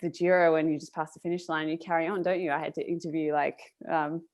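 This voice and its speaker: Fast-talking woman telling an anecdote. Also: sits low, flat delivery, a little mellow. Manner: rambling anecdotal storytelling. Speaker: cycling journalist. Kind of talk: podcast discussion.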